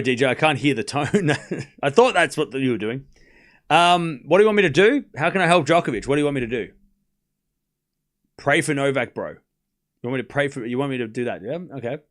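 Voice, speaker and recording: Hosting a live stream, a young Australian man calls points and responds to chat between rallies in a watchalong. His voice is a little high and expressive, he talks fairly quickly, and he's chatty with frequent laughter.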